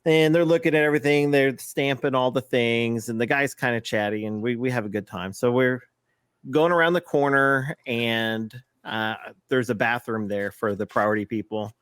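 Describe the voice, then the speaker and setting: A man co-hosting a podcast, telling a rambling story in casual chat with many fillers and quick laughs. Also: medium pitch, a bit bright, smooth, no echo, clean studio sound. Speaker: podcast co-host.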